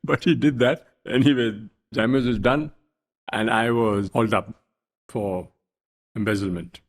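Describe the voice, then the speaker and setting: An older man from India, a guest telling wry stories in an unhurried, anecdotal way in an interview. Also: mid-range voice, steady tone. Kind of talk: storytelling interview.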